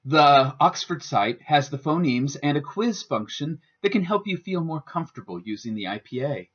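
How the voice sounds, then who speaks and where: A man giving a scripted instructional narration as a student presenter, with a careful, deliberate teaching delivery. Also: a little high, expressive, fairly bright tone. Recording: dull lo-fi voice-over.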